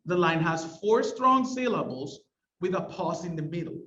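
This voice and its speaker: High-voiced man teaching a lesson. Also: animated, a bit bright, reverberant, dull audio, slight background noise. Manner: explanatory, reads verse lines slowly with exaggerated stresses. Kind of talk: recorded literature lesson.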